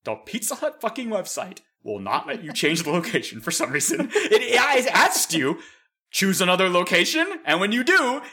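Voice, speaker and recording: Animated, exasperated man telling a story. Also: sits high. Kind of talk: casual chat.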